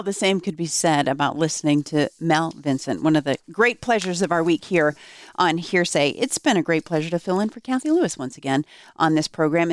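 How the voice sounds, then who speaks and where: A man's voice: on the high side, clear, resonant tone, no echo, studio quality. A man filling in as radio host, wrapping up the show and thanking guests with small fillers. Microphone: studio mic.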